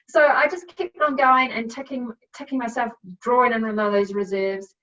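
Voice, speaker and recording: A chatty middle-aged woman with a New Zealand accent tells her story at a fairly high pitch. She sits a little back from the mic, and the recording sounds muffled and dull. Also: normal speed, hardly any pauses, a bit bright. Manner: chatty, laughs often, many fillers. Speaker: guest, cycle coach. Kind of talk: casual storytelling. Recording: dull, a bit distant from mic.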